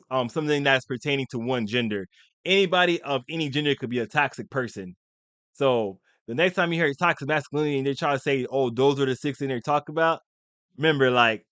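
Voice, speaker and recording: A man's voice: medium pitch, fairly bright tone, clear, resonant tone, no room sound. A man giving blunt, opinionated commentary in a casual, rambling way, with frequent restarts. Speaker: commentary video host.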